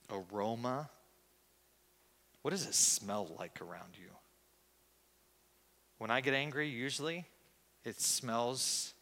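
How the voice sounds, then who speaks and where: Slow, bright-voiced male preacher. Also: on the low side, big-room sound. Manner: reflective and confessional, with hesitant pauses. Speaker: pastor. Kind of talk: sermon.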